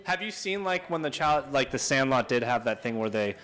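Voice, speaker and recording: A man's voice: mid-range voice, expressive, a little fast, fairly bright tone. A man chatting loosely with fellow comedians, rambling and laughing often. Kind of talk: casual banter.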